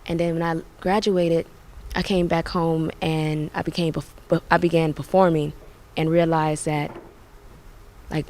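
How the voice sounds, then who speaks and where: A young adult woman and singer, talking softly and reflectively about her path in a casual interview, with many fillers. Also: sits low, little pitch movement, unhurried, slight background noise.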